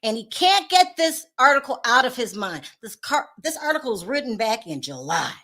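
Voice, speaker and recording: A woman's voice: on the high side, very animated, moderate pace, bright, forceful tone. Sassy, laughing woman vlogger. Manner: sassy, sarcastic, laughing asides. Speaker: commentary vlogger. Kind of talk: casual gossip commentary.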